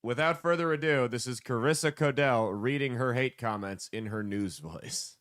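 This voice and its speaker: A man hosting a casual comedy podcast, joking loosely and throwing in sudden loud bursts. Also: medium pitch, normal speed. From United States. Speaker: podcast host.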